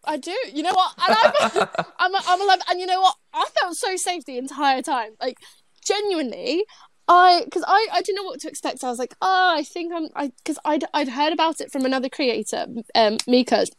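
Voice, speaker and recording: A woman's voice: very high voice, animated, a little fast, fairly bright tone, no room sound. A woman, chatting casually as a guest, giggly and rambling with lots of restarts. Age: 20s. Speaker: guest, traveler. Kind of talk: casual chat.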